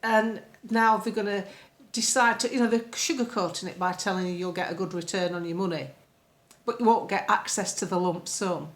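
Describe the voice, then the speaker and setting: A woman's voice: medium pitch, moderate pace. Chatty woman vlogger. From England. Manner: chatty, rambling, many fillers, sarcastic asides. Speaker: political vlogger. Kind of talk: casual political commentary.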